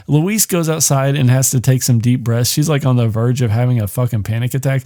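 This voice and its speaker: A man hosting a podcast recaps a film in a casual, meandering way. His voice sits at an ordinary middle pitch. He swears freely and fills his sentences with "like" and "you know". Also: brisk, few pauses, dark tone. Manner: rambling, profane, heavy on "like". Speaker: podcast host.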